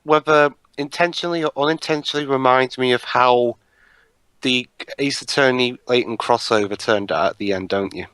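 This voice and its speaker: A man's voice: medium pitch, moderate pace, fairly bright tone, clean tone, no room sound. A man chatting casually during a game playthrough, joking and asking questions. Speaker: co-commentator. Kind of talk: casual group chat over gameplay.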